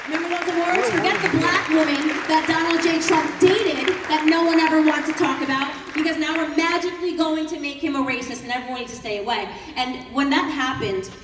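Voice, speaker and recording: A woman's voice: high-pitched, fairly quick, few pauses, crowd noise. A woman giving an impassioned political speech at a youth summit, fiery and mocking, building to emphatic peaks. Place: large conference hall. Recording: echoey hall, heard from a distance, audience noise.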